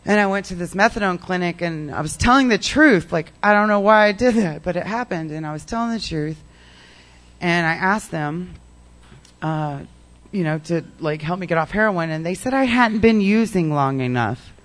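A woman's voice: lowish voice, lively intonation, normal speed. A woman telling her personal recovery story in a rambling way, full of "like" and "um". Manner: rambling, heavy use of "like" and "um".

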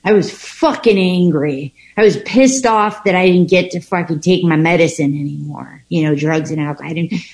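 A woman shares her own recovery story with candor, her speech halting, full of swearing, and marked by frequent restarts. Her voice is lowish and darkish in tone with vocal fry, and the audio quality is poor.

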